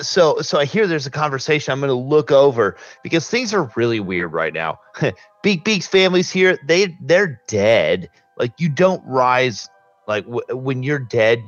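A man's voice: mid-range voice, dull audio. A man playing a tabletop game, talking casually and rambling. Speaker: player.

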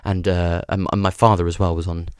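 A man's voice: deep voice, little pitch movement, a little fast, clear, resonant tone, no room sound, studio quality. A man hosting a podcast, talking in a rambling comic monologue, full of restarts and swearing. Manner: digressive, sweary, stumbling restarts. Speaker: podcast host.

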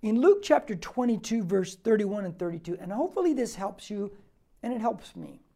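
Male pastor, mellow tone, casual verse-by-verse preaching, emphatic with hushed slow beats. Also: sits high, expressive. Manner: conversational, emphatic, slows and drops to near whisper for key points; clears throat often, frequent restarts. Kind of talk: verse-by-verse Bible teaching sermon.

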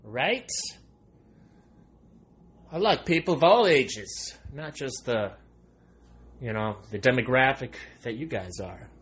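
A man in his thirties in a rambling comic monologue, excitable and sarcastic, with a tone he calls aggressive. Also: a little slow, slightly rough. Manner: excitable, sarcastic, jumping pitch swings; self-described aggressive tone.

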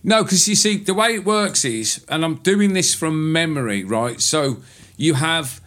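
A man's voice: fairly high pitch, lively intonation, measured pace, a bit bright. A British man co-hosting a casual podcast chat, explaining things at length in a rambling, matter-of-fact way. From Britain. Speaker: co-host.

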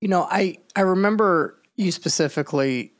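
A woman's voice: fairly low pitch, normal speed, no echo, clean studio sound. A woman hosting an interview, asking rambling questions with fillers and backing up her guest. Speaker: podcast host. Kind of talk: conversational interview.

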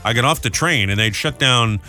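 Morning radio guy, bright voice, joking around and reading announcements. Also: mid-range voice, a little fast, soft background music. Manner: jokey, chatty storyteller. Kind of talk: casual morning radio banter. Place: radio studio.

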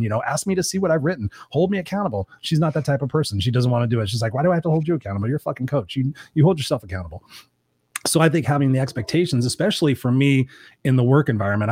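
Fast-talking man hosting a podcast. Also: medium pitch, a little mellow, dry recording, clean studio sound. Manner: rapid, earnest, conversational. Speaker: coach and podcast host. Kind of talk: casual conversation.

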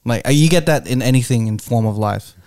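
A man's voice: mid-range voice, fairly quick, darkish tone, smooth, no room sound. Man, podcast co-host, reflective, trailing phrasing, dry close sound. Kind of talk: casual podcast banter.

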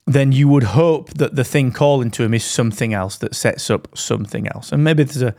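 A man's voice: medium pitch, fairly quick, vocal fry, a little mellow, no room sound, clean studio sound. A man co-hosting a podcast, bantering in a jokey, sweary way. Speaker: podcast co-host. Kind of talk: casual chat. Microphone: studio dynamic mic.

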